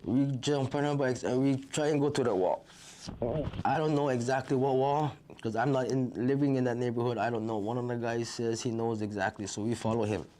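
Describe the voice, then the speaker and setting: A man's voice: mid-range voice, steady tone, a little fast, mellow, slight background noise. A middle-aged man, telling a survivor's story in a vivid present-tense retelling that acts out what people said. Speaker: wildfire survivor. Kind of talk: personal storytelling.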